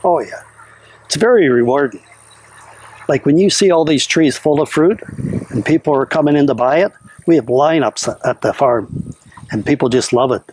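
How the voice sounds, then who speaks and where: A man who owns a mango farm talks casually and plainly about growing, with a relaxed manner and some fillers, outdoors on the farm. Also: medium pitch, moderate pace, long pauses. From Canada. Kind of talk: casual interview.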